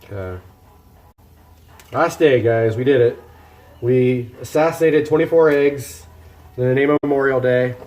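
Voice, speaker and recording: A man's voice: medium pitch, unhurried, long pauses, a little mellow, slight background noise. A man live-streaming himself cooking, chatting casually and joking at his own expense as he works. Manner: chatty and self-deprecating, talking to chat while working. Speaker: livestreamer cooking meal prep. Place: home kitchen.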